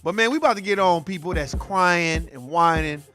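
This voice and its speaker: A man hosting an online show, giving animated, profane commentary with a sing-song delivery. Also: high voice, normal speed, faint music behind. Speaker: host. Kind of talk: profane commentary on video clips.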